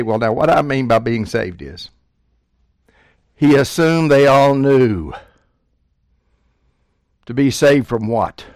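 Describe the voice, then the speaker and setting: A man preaching a sermon, swinging from quiet asides to loud, emphatic quotations of scripture. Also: medium pitch, dry recording, clean studio sound.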